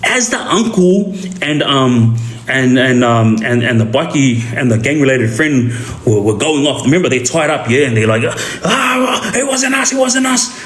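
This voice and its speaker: A man with an Australian accent telling a street story in a casual, animated way, often checking in with the listener. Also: medium pitch, normal speed. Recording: roomy echo.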